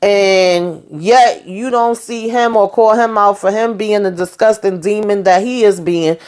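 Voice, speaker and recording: This TV show recapper has a mid-range, darkish voice and a measured pace. She casually retells an episode in a blunt, outspoken way, swearing freely and briefly voicing characters as she goes through each scene.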